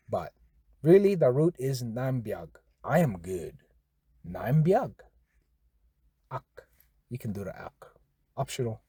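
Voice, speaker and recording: Man, casual language teacher; animated pitch, dry close sound, repeats and spells words patiently. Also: slightly rough, no room sound. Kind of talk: casual spoken language lesson.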